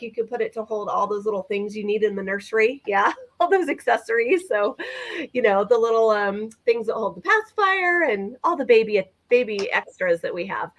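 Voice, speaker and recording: A woman co-hosting a live vintage sale, chatting enthusiastically as she describes items. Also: a little high. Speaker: vintage seller co-host.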